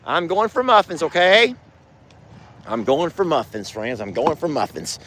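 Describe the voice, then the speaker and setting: A man's voice: very animated, measured pace, fairly bright tone. A man hosting a casual farm vlog, sweet-talking his animals. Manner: coos at animals in sweet, high baby talk. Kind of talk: casual chat.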